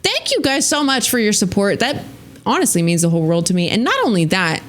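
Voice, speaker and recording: A woman's voice: medium pitch, fast. A woman hosting a live stream, chatting casually and teasing her viewers in a playful way. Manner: playful, teasing, lively thanks to chat.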